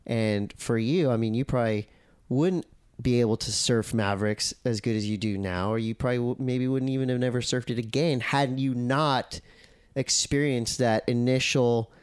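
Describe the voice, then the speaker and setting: Smooth-voiced man, animated podcast guest. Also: mid-range voice, normal speed, dry recording, studio quality. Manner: animated, acts out his own quoted thoughts. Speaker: podcast guest, surf commentator and editor. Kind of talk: casual podcast conversation.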